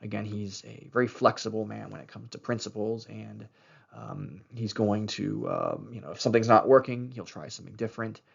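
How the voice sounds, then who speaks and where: Guy giving a history lecture, low gravelly voice, lots of ums, kinda dull lo-fi sound. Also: fairly even intonation, brisk. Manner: loose, many fillers, explains as he goes. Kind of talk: recorded lecture over slides.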